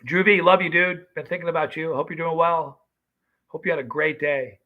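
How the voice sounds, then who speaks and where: A man's voice: fairly high pitch, steady tone, moderate pace, muffled recording. A man in his fifties casually chatting on a livestream, greeting viewers by name and telling stories. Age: 50s. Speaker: livestream host.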